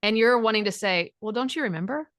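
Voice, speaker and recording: A woman's voice: on the high side, expressive, fast talker, a bit bright, no echo. A middle-aged woman speaking as a divorce recovery coach, blunt and frank, swearing freely and acting out quoted dialogue. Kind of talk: direct coaching talk.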